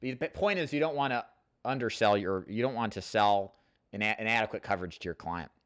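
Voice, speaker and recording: A man's voice: on the low side, fairly quick, a bit bright, dry recording, studio quality. A man hosting a live call-in Q&A, coaching sales agents in a rambling, casual way and reading viewer comments aloud. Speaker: host answering live chat questions.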